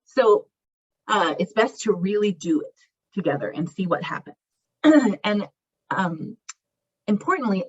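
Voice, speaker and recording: Woman giving a language teaching talk, chatty, a bit husky, muffled lo-fi sound. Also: lowish voice. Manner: conversational, explains with acted example phrases. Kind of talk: recorded presentation lecture. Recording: muffled lo-fi recording.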